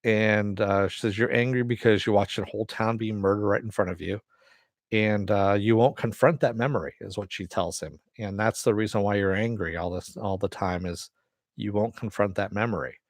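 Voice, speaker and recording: A man's voice: lowish voice, steady tone, normal speed, dry recording, studio quality. Rambling man recapping a TV episode. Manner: rambling, many fillers and restarts; casual, swears freely. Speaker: TV episode reviewer. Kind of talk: casual spoken recap.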